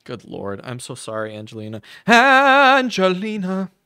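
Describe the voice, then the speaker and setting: A man's voice: mid-range voice, animated, normal speed, a bit bright, dry recording, studio quality. A man giving crude, sarcastic live reaction commentary on a video, thanking viewers as he goes.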